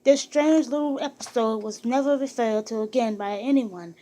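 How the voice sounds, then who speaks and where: A woman narrates a biography in a steady, even storytelling voice. Her pitch sits somewhat high, and she occasionally restarts a phrase. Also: moderate pace, rough recording. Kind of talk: audiobook reading of a biography.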